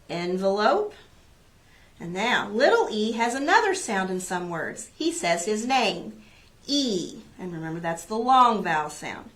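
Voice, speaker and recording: A woman who teaches preschool, reading a children's picture book aloud and then leading a phonics lesson in a clear, encouraging way. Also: on the high side, bright, forceful tone.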